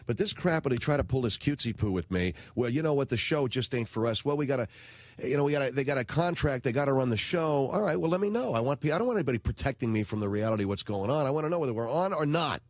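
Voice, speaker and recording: A man's voice: medium pitch, animated, rapid-fire, no room sound. A man hosting a radio talk show, ranting in a blunt, slangy, indignant way into a studio microphone.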